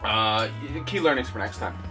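A man's voice: lowish voice, moderate pace, pushed and bright, soft background music. A man from Canada playing a game show as a contestant, joking and laughing along. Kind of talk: casual game show banter.

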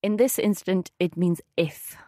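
A woman's voice: on the low side, a little slow, warm tone, no room sound, studio quality. A Swedish-speaking woman teaching a podcast language lesson, patiently explaining and confirming answers. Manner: patient, confirms with short yes. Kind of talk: casual language lesson chat.

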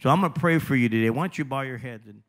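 Speaking very fast at a medium pitch, this male pastor drives his sermon with forceful repetition. He alternates booming declarations with softer, more personal appeals.

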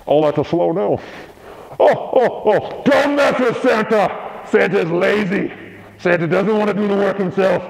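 A man's voice: sits high, gravelly, full character voice, rough recording. A man hamming up lazy Santa Claus. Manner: hammy, jokey, refers to himself in third person. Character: lazy scheming old male Santa Claus. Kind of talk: comedic costumed role-play.

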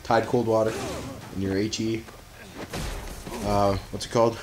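A man's voice: fairly low pitch, level tone, a little slow. Joking young man playing a game. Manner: joking, swears casually, laughs often. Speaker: gamer playing and commenting. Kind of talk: casual let's-play banter.

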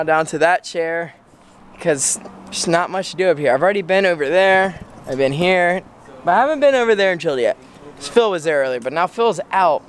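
A young man narrating a casual vlog outdoors, lively and excitable. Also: a little high. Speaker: vlog regular. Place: outdoors in trees. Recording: outdoor noise behind.

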